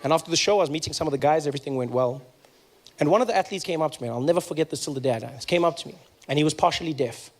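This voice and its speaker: A man from Africa, a stand-up comedian telling animated stories with stammering asides. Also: on the high side, very fast, long reverb tail. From South Africa. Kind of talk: stand-up storytelling.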